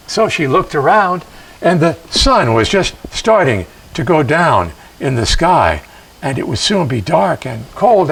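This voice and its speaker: A man telling a traditional legend in a measured, expressive way with dramatic pauses. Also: fairly high pitch, gravelly, slightly rough, far from the mic, rough recording. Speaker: storyteller. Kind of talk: traditional storytelling performance.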